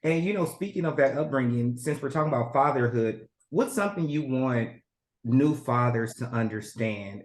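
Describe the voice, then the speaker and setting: A man interviewing a guest, responding in an affirming, thoughtful way before asking his next question. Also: medium pitch. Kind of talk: conversational interview. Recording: roomy echo.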